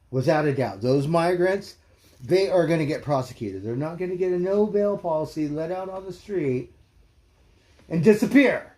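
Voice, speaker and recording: A man's voice: fairly high pitch, warm tone. A man hosting a livestream, ranting bluntly and heatedly in casual, profane commentary. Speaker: livestream host. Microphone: streaming mic.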